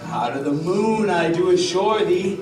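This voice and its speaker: A man's voice: high-pitched, expressive, measured pace, over music. A man playing a swaggering, tipsy butler on stage, boisterous and blustering, recorded from a distance in an echoey hall. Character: drunken swaggering male butler, adult. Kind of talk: live stage acting.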